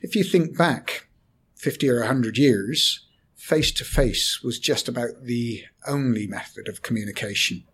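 A man, a corporate trainer explaining communication in a podcast discussion, measured and hesitant at times. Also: medium pitch, fairly bright tone, slight background noise.

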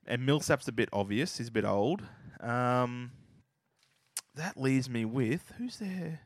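A man's voice: mid-range voice, lively intonation, slow pace, no echo. An Australian man co-hosting a basketball podcast in casual, profane, opinionated chat. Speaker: podcast co-host.

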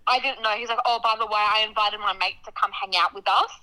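A young woman telling a story in casual chat, dramatic and animated, acting out what people said. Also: mid-range voice, fast, rough recording. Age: young adult. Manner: animated, dramatic storytelling with laughter and acted-out quotes.

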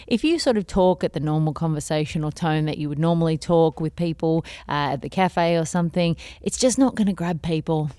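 A woman hosting a podcast, giving advice in an energetic, conversational and encouraging way. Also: sits low, brisk, hardly any pauses, no room sound, studio quality. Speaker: podcast host and teacher. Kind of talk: instructional podcast talk.

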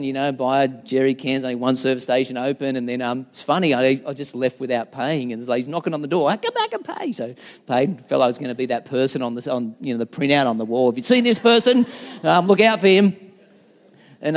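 A man's voice: medium pitch, long reverb tail. A middle-aged man preaching a sermon as a pastor, chatty and self-deprecating. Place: church.

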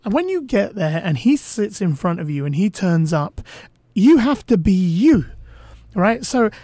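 A man's voice: high-pitched, big pitch swings, measured pace, dark tone, no room sound. A man co-hosting a casual dating podcast, telling stories animatedly and swearing with a laugh. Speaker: podcast co-host, dating coach.

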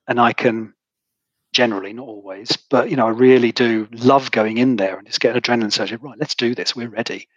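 A middle-aged man, a podcast guest and author, talking in a halting, emotional way with many restarts. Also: medium pitch, fairly even intonation, slightly rough, dry recording, lo-fi sound. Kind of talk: conversational interview.

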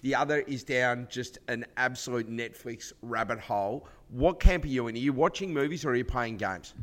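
A man's voice: mid-range voice, moderate pace, a bit bright. A man with a thick Australian accent, co-hosting a podcast and asking questions in a jokey, chatty way. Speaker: podcast co-host. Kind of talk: casual chat.

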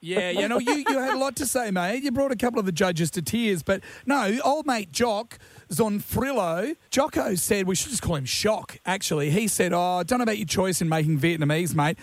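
A man's voice: sits high, lively intonation, a little fast, no echo. A man with an Australian accent hosting drive-time radio, teasing his guest and co-host in casual banter. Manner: jokey, teasing, says "mate" a lot.

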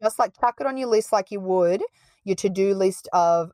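A woman's voice: medium pitch, moderate pace, dark tone, no echo. A woman hosting a podcast, talking in a chatty, enthusiastic way. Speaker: podcast host. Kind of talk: casual chat.

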